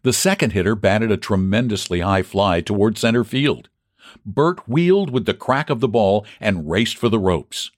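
Male audiobook narrator, lowish voice with wide, lively pitch, dry close sound. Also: normal speed, no echo. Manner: expressive reading, shouting out the fans' cries. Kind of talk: scripted narration of a classic baseball story.

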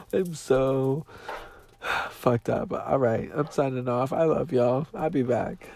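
A man's voice: medium pitch, drawn-out words, vocal fry, pauses often, a little mellow. A man hosting a podcast in a casual monologue, nasal and teary from crying, talking in a profane, dramatic and emotional way. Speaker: podcast host.

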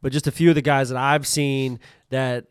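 Smooth-voiced man in casual chat. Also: mid-range voice, level tone, normal speed, dry recording, studio quality. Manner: thoughtful, hedging, trails off. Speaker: podcast co-host.

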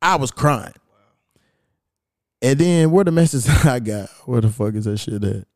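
Medium-pitched with lively intonation, a little slow, and a darkish tone, a man hosts a podcast and tells a story casually. He swears freely and reads messages aloud, amused. No room sound, studio quality.

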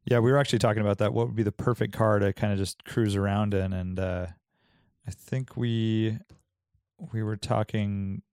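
A young man in a casual chat, answering with short, relaxed reactions and questions. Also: fairly low pitch, normal speed, clean tone, no room sound, clean studio sound.

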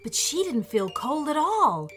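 A woman reads a children's story slowly and soothingly, her fairly high voice rising and falling with lively expression. Soft music plays faintly behind her. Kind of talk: scripted children's story narration.

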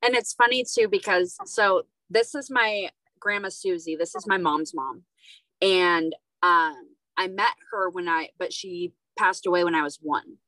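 A woman's voice: lowish voice, unhurried, bright, forceful tone, dry recording, poor audio. A woman hosting a casual podcast conversation, talking in a rambling, hesitant way with many fillers. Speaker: podcast host.

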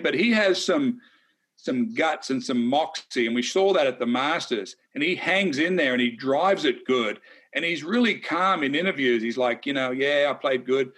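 A man co-hosting a casual golf betting chat, talking in a chatty, animated way with folksy asides. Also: a little high. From Australia. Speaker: golf analyst co-host.

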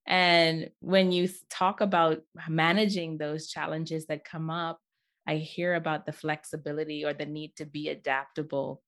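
A woman's voice: low voice, little pitch movement, moderate pace, a bit bright. A woman interviewing a guest, reflecting back and summing up what she has heard. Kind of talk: interview conversation.

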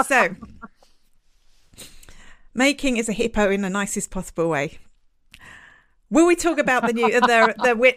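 A woman hosting a live podcast, telling stories in a chatty, lively way. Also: fairly low pitch. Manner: chatty, lively storytelling with laughs. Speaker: podcast host.

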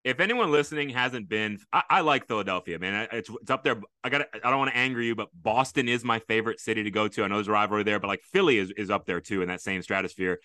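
A man's voice: on the low side, fast talker, few pauses, sharp tone, clean tone, no echo, studio quality. A man hosting a casual podcast interview, chatting with enthusiasm. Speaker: podcast host.

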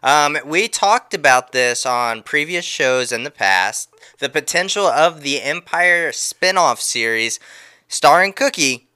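A male podcast co-host who chats about entertainment news with hyped energy and casual swearing. His voice is very bright, smooth and clear. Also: on the high side, animated, slow.

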